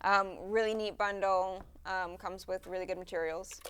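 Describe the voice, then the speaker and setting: A woman's voice: mid-range voice, fairly even intonation, moderate pace, a bit bright, smooth. A woman co-hosting a charity livestream, talking informally with many ums. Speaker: livestream co-host. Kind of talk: casual livestream chat.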